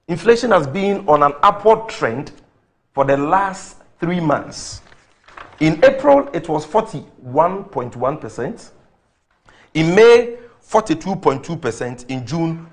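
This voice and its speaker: A man with a Ghanaian English accent arguing politics on a talk show, firing off rhetorical questions and figures. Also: on the high side. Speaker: political commentator.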